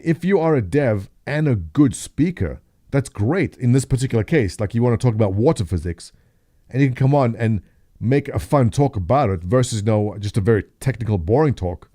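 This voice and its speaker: Mellow-voiced man chatting on a livestream. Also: medium pitch, dry recording, studio quality. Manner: chatty, laughs often, thinks aloud. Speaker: livestream host reacting to a video. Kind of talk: casual livestream commentary.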